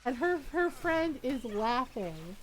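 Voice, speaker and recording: A woman's voice: high voice, slow pace, a little hiss or hum. A middle-aged woman streamer telling a family story in casual chat, laughing often and acting out what people said. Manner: animated, laughs often, acts out quoted voices.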